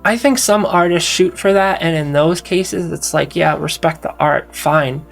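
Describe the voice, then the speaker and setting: A woman's voice: deep voice, measured pace, creaky, soft background music. A woman musician and mastering engineer answering viewer questions in a casual solo Q&A, talking frankly with rambling restarts and swearing.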